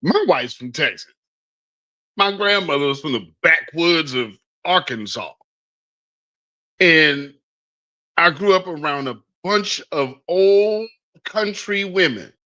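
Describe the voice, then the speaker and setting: High, lively-voiced male commentator. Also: slow pace, long pauses, dull audio. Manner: blunt, sarcastic, emphatic. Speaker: news commentary host. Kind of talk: political commentary.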